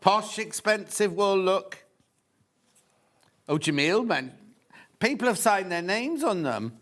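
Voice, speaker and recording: A man hosting a live TV shopping show, chatty and excitable, with lots of asides. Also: high-pitched, slow. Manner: chatty and excitable, full of asides and sales counts. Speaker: shopping channel presenter. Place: TV studio.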